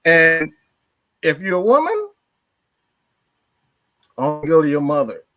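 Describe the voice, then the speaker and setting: A man's voice: fairly high pitch, very animated, slow, fairly bright tone. A man as a guest in a casual podcast chat, hesitating and restarting as he puts a question to the group.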